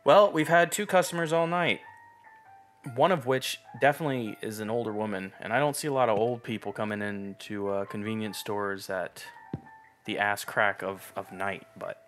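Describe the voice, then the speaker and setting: A man's voice: on the low side, fairly even intonation, moderate pace, fairly bright tone, faint music behind. A young man giving loose, profane, sarcastic let's play commentary while he plays a game. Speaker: gamer.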